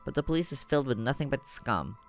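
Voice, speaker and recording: A man voicing a hostile, sharp-tongued young woman who sneers as he reads a game aloud. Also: mid-range voice, lively intonation, fast talker, faint music behind, natural voice. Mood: contemptuous. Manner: sneering, scornful.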